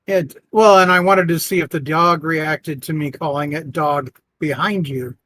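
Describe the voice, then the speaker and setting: A man playing a tabletop game, talking quickly and swearing casually. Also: on the high side, fairly even intonation, pushed and bright, no room sound. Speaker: player.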